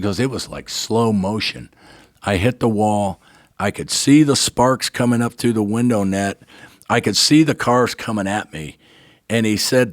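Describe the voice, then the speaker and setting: A man's voice: fairly low pitch, moderate pace, no room sound, clean studio sound. An older man, a guest on a talk show, tells a personal story with feeling, acting out what people said and often checking in with "right?". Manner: animated narrator, acts out quoted dialogue, keeps asking "right?".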